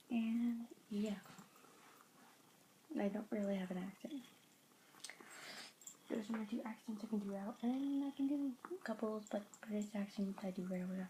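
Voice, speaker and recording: A young woman rambling in a casual vlog, often dropping into soft whispers. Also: medium pitch, normal speed, pauses often, slight background noise. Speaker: vlogger.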